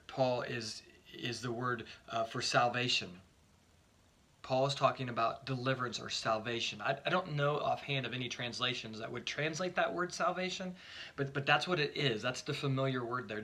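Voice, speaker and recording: Earnest pastor with a bright voice. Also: male voice, mid-range voice. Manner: earnest, emphatic, repeats words when starting phrases. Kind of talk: short devotional sermon.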